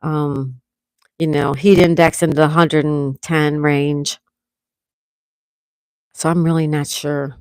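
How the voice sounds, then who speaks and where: A congested woman hosting a relaxed livestream at home, chatting and reading out viewers' comments. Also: low-pitched, slow pace, long pauses, no room sound. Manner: relaxed, chatty, laughs often. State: congested, coughing. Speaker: livestream host.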